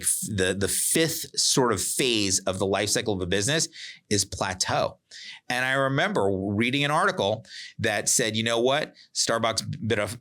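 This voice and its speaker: A podcast host in his forties spins a casual story, acting out each line of dialogue with lively energy. His voice sits a little low, yet it carries a bright, forward edge. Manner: animated, acts out quoted dialogue.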